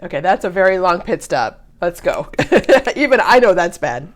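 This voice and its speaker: A middle-aged woman talks through a movie reaction in a casual, chatty way, laughing often. Her pitch moves around a lot as she reacts. She sounds like a relaxed host speaking to her viewers. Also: normal speed, slight background noise.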